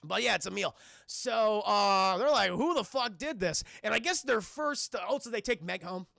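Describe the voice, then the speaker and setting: Gravelly, high-voiced male streamer. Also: moderate pace, dry recording, clean studio sound. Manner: profane, rambling, acts out scenes in loud voices; talks to chat, thanks viewers. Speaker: streamer reviewing a film. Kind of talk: casual live-stream film recap.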